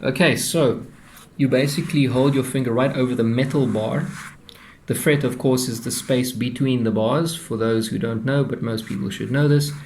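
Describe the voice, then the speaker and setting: A man talks through a guitar setup like a teacher at his workbench, in a plain mid-pitched voice. He rambles a little, repeating words and dropping fillers as he goes. A faint hiss sits under the recording. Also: fairly even intonation, moderate pace, a little mellow. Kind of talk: casual tutorial explanation.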